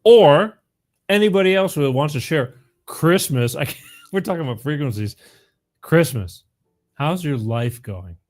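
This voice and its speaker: A man's voice: fairly high pitch, expressive, unhurried, a little mellow. A man hosting a live call-in show, talking casually and rambling, often repeating the phone number.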